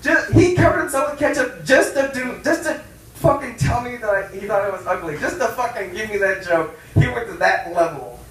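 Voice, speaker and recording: Brash high-voiced stand-up comic. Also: male voice, lively intonation, fairly quick, slight background noise. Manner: brash, profane, loud punchlines. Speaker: stand-up comedian. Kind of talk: stand-up comedy set. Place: bar comedy stage. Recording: roomy club sound from a distance.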